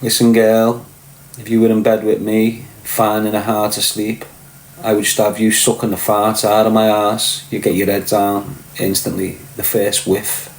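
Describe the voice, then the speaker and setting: A middle-aged Liverpudlian livestream host tells crude, boastful, profane stories and answers viewers by name. His voice sits lowish with little pitch movement, at a moderate pace, and the recording has a roomy echo.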